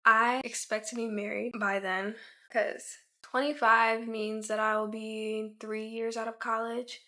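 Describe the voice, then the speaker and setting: Chatty young woman with a flat voice. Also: a little high, unhurried. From Maryland. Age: 20 years old. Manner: chatty, with many filler "like"s. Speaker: YouTuber. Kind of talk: casual Q&A vlog.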